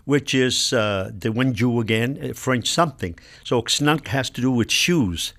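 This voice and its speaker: Older guy from nova scotia, patient, explains words slowly with examples, radio chat. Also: mid-range voice, a bit bright. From Nova Scotia, Canada. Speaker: elder and linguist guest.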